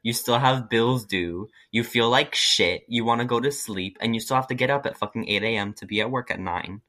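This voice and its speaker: A man co-hosting a podcast in casual chat, sick and achy, rambling through animated stories. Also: mid-range voice, fairly quick. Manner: rambling, animated storytelling with put-on quotes. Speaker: podcast co-host.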